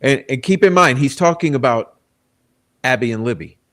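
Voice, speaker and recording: A man's voice: medium pitch, normal speed. A male reaction host who comments emotionally on a clip, swearing freely. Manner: emotional, profane, animated.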